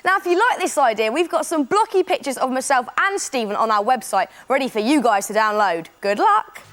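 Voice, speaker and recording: Lively woman presenting crafts. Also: high-pitched, brisk. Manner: chatty, enthusiastic, step-by-step explaining. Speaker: children's craft show presenter. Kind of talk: upbeat instructional presenting.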